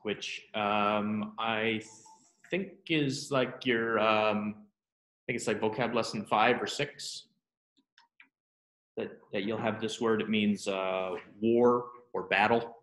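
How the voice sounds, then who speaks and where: A man teaching a Hebrew grammar class, talking students through the exercises with relaxed, self-deprecating asides and quick questions. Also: fairly low pitch, reverberant. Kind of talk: classroom lesson.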